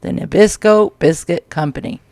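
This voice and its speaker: A man's voice: sits high, moderate pace, a little mellow. A man with a New York accent casually reading old magazine ads aloud with crude, joking asides, recorded at home. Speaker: vlog host. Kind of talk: casual read-through commentary. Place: small home. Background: dryer tapping.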